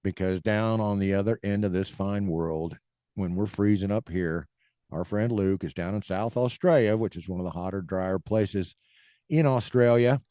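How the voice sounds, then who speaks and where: A chatty man hosting a fishing podcast, upbeat and quick to laugh. His voice sits a little low and sounds close and dry, with no room around it. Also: dark tone, smooth, no room sound. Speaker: podcast host. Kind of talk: casual podcast chat.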